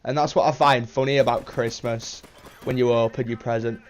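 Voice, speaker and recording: A man's voice: mid-range voice, fairly even intonation, normal speed. A young man with a British accent rambling casually through a vlog, repeating himself and swearing now and then. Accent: British English. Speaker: vlogger.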